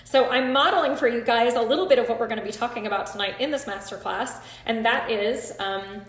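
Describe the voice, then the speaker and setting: A woman's voice: a little high, fairly quick, hardly any pauses, roomy sound. A woman hosting a live stream, talking casually, nervous and shaky with many hesitant ums, close to tears. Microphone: phone or computer.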